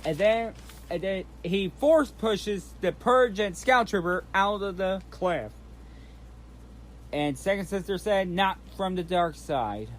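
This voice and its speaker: A man's voice: high-pitched, takes it slowly, slight background noise. A man hosting his channel, recapping in a casual, rambling way, often restarting and repeating himself. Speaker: channel host recapping a trailer.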